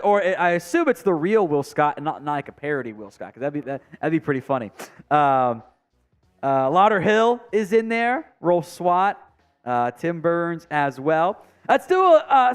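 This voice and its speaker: A man's voice: on the high side, clean tone. A man hosting a live sports stream from a home setup, reading viewer comments aloud in a chatty, joking way with mumbled asides. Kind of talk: casual live stream chat.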